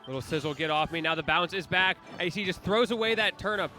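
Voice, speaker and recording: A man's voice: high voice, quick pace, bright, forceful tone. A man giving live color commentary on a fighting game, analytical and explaining player habits, with playful quips. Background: game music.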